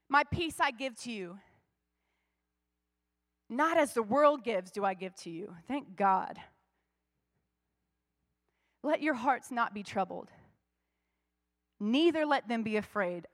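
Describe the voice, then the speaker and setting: A woman's voice: high voice, fairly bright tone. A woman pastor preaching a sermon in a church, conversational at times and rising to fervent emphasis.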